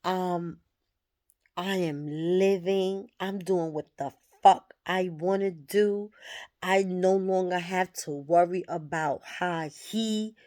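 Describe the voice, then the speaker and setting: A woman shares a personal spiritual reflection in a vlog. Her voice sits a little low, and she speaks at a very unhurried pace. She is candid and soft-spoken, with pauses between her thoughts. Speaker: vlogger.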